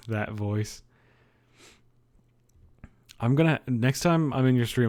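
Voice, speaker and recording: A man's voice: medium pitch, moderate pace, long pauses, warm tone. A young man streamer in casual livestream chat, joking and laughing often.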